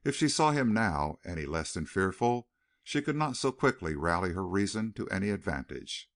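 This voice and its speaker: A man narrating a western novel as an audiobook, reading in an expressive, dramatic way. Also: low voice, normal speed. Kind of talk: scripted narration.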